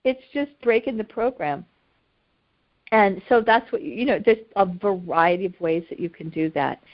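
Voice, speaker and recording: A middle-aged woman coaching a session in a relaxed, chatty way. She tells stories with lively energy, stumbles over repeated words and laughs easily. Her voice sits at an ordinary middle pitch, and the recording is a little dull and muffled. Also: moderate pace. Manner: animated storyteller, repeats words, laughs often. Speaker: emotional healing coach. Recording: slightly dull audio.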